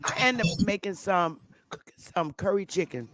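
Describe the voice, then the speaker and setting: A woman's voice: lowish voice, lively intonation, moderate pace, no echo. Woman streamer, combative and profane, casual rant, dry close sound. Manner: profane, combative, loud outbursts. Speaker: livestream host. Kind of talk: heated casual livestream rant.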